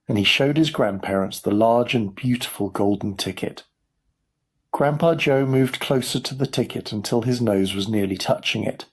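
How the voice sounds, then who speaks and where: A man narrating a children's story for English learners in a clear, measured storytelling voice. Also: lowish voice, darkish tone. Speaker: audiobook narrator.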